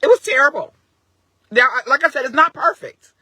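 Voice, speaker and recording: Bright, earnest middle-aged woman live-streaming. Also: high-pitched, animated, brisk, dry recording. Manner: earnest, emphatic, storytelling with many restarts. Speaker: parent advocate streaming live. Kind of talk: casual live-stream talk. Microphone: phone.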